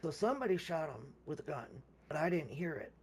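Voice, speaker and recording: Very animated and brisk, with vocal fry in a mid-range voice, this gamer rambles through a long, casual account of a game session, restarting and repeating words while acting out others' quoted lines. There's slight background noise.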